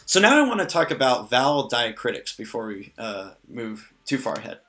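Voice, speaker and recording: A man gives a relaxed spoken lesson, patiently walking through new sounds and words with the odd light joke. His voice is bright and forceful at a middle pitch. Soft music plays underneath. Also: normal speed. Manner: patient, explains step by step with small jokes. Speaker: language teacher. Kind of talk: casual spoken language lesson.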